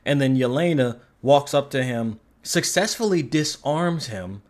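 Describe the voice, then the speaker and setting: A man's voice: mid-range voice, lively intonation, measured pace, darkish tone. A man giving a casual spoken film review, rambling and sarcastic, swearing casually. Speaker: movie reviewer.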